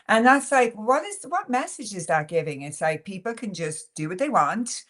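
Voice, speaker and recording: Speaking with hardly any pauses, this woman from Ireland has a mid-range, fairly bright voice and sounds very animated at a moderate pace. She's a podcast guest in a relaxed, frank interview, peppering her talk with "like" and "you know."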